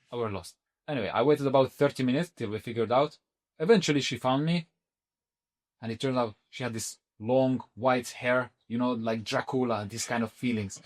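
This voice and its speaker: Animated male storyteller, halting delivery. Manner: animated, acts out quoted speech with sudden high pitch jumps; halting, restarts mid-sentence. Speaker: podcast guest. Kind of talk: casual storytelling.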